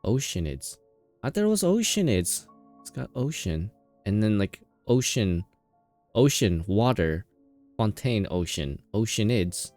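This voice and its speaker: Animated, giggly male game streamer. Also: lowish voice, a little slow, no echo, soft background music. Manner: playful, laughs often, animated. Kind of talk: casual live-stream commentary.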